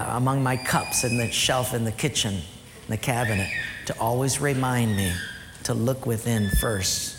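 Animated pastor preaching in a reverberant church. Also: male voice. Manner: animated storytelling, voice rising high in retold quotes. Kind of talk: sermon. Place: church sanctuary. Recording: long hall reverb with faint music.

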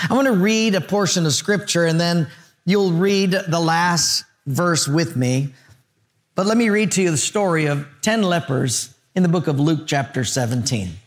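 An older male pastor preaching a sermon, telling stories with lively character voices. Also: on the high side. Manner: storytelling with animated character voices.

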